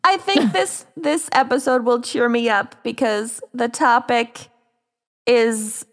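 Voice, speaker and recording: A woman co-hosting a podcast, chatting casually in a slow, wry way. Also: on the high side. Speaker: podcast co-host. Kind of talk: casual chat.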